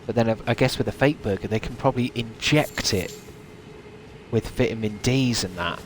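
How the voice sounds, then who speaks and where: A man's voice: fairly low pitch, normal speed, background noise. A man streaming a game, musing aloud in casual, rambling chat with many restarts.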